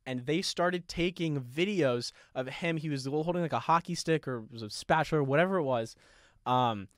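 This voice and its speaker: A young podcast host casually retells a story, swearing heavily, laughing often and staying animated throughout. His voice is on the high side at a moderate pace. The studio sound is clean, with no echo.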